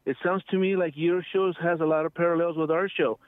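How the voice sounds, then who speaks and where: A man calling in to a talk radio show, friendly and a bit halting, with slow fillers. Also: fairly high pitch, steady tone, no room sound. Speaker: caller. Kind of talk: phone-in caller chat. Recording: tinny dry phone line.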